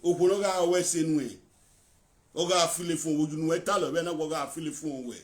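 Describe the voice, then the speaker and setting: A man's voice: a little high, fairly even intonation, a little fast. Nigerian man hosting a live talk show.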